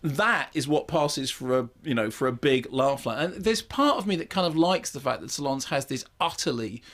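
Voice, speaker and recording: A man talks through a film review with dry, wry emphasis. His voice sits at an ordinary middle pitch, and he often stops and restarts his sentences. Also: animated, moderate pace, fairly bright tone. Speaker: film critic. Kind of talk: radio film review chat.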